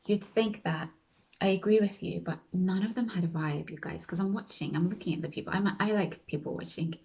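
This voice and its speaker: A woman vlogger with a fairly low, creaky voice and darkish tone tells a story a little fast, though the audio is poor. She chats casually, performs the voices of those she quotes, and at times drops to a whisper.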